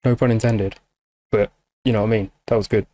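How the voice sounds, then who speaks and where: A man's voice: on the low side, steady tone, fairly quick, mellow. A man hosting a music reaction video, speaking casually and emotionally, with frequent swearing and fillers. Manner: emotional, gushing, swears freely, many fillers. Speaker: music reaction channel host.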